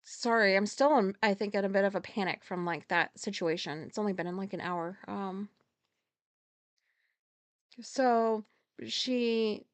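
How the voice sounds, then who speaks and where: Woman ranting on her podcast from home, swears constantly, keeps correcting herself, higher voice. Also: no room sound. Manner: rambling, heavy swearing, quick self-corrections; gets loud and agitated when retelling a conflict. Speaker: podcast host. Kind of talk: casual storytelling monologue.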